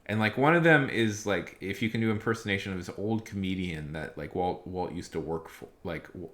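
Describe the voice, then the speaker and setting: A man's voice: low voice, brisk, a bit bright. A young man chatting casually on a live stream, rambling with frequent restarts and chuckles.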